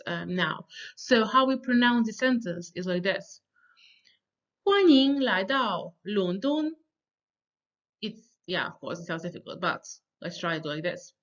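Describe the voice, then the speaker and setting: A woman teaching a beginner language lesson, pronouncing sounds slowly and deliberately, with frequent fillers and pauses. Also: medium pitch, highs cut off.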